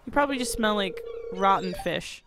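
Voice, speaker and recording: A woman's voice: mid-range voice, animated, a little fast, a bit bright, soft background music. A woman commenting while playing a farming game, joking and swearing freely. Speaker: gamer. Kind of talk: let's play commentary.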